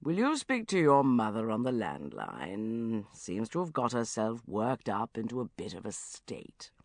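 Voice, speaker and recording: A woman's voice: extremely low pitch, big pitch swings, unhurried, darkish tone, dry recording, studio quality, pitched below the performer's own voice, exaggerated voice. A woman voicing a stiff, military-mannered older father who speaks in a clipped way.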